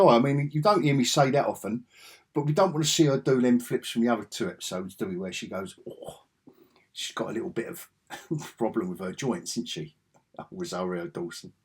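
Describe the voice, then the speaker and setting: A man's voice: mid-range voice, a little mellow, breathy edge. A man giving a rambling, sarcastic spoken review, chuckling often as he retells scenes.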